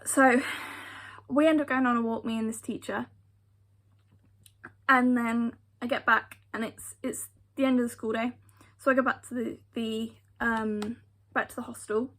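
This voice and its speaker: A woman's voice: fairly high pitch, fairly even intonation, unhurried. A young British woman telling a personal story vlog-style, emphatic and given to repeating phrases for effect. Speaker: vlogger. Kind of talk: storytime retelling.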